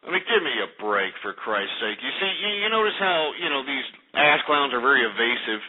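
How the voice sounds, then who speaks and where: A man's voice: mid-range voice, lively intonation, brisk. A man hosting a call-in radio show, ranting and hurling insults at callers. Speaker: radio talk show host. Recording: lo-fi phone-like radio audio.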